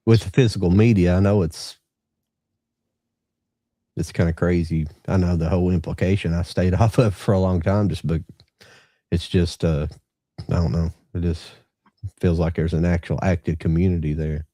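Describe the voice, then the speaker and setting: A man's voice: low-pitched, fairly even intonation, normal speed, long pauses, warm tone, dry recording, clean studio sound. A man co-hosting a casual podcast, talking hesitantly with many fillers. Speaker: podcast co-host. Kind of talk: casual chat.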